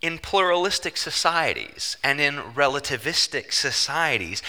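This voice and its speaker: A man preaching in a lively, swooping voice with a very bright, forceful edge. He drives his points home emphatically and slips in joking asides. His voice rings out with a long reverb through a church hall. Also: mid-range voice, a little slow. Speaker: pastor. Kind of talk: sermon. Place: church sanctuary.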